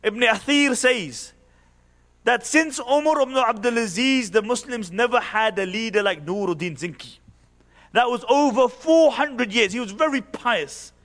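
A man's voice: extremely high pitch, lively intonation, unhurried, fairly bright tone. A man delivering an impassioned sermon, posing rhetorical questions and quoting Arabic verse. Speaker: preacher. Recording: reverberant hall.

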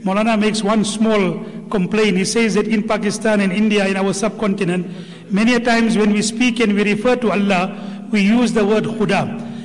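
A man's voice: sits high, fairly even intonation, normal speed. A man giving a reverent religious talk, reciting Quranic verses as he summarizes a lecture. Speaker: Islamic speaker summarizing a lecture. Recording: long hall reverb.

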